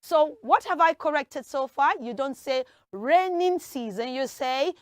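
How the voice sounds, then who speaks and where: Animated woman teacher, high-pitched, dry close sound. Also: a little slow, dry recording. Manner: animated, acts out everyday scenes. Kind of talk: English usage lesson. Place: television studio.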